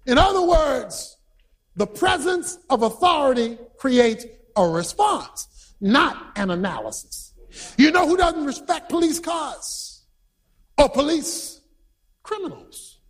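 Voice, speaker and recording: A man preaching a sermon who tells stories with energy, shouts his points and quizzes the congregation. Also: extremely high pitch, takes it slowly. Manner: animated storytelling, shouting for emphasis, quizzing the congregation.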